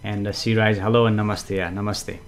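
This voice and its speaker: A man hosting a casual live stream, greeting viewers and reading their comments, chatty and gently explanatory with frequent fillers and soft chuckles. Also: lowish voice, flat delivery, fairly quick, slight background noise. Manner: gently explanatory, repeats himself for emphasis. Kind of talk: casual live-stream chat with spiritual teaching.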